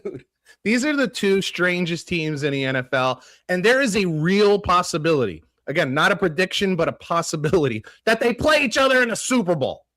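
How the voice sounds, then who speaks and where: A man co-hosting a sports podcast, his high voice swinging widely as he rants. He talks casually and swears. The sound is dry and close. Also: fairly quick, dry recording. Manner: animated, ranting, swears casually. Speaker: podcast co-host. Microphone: podcast studio mic.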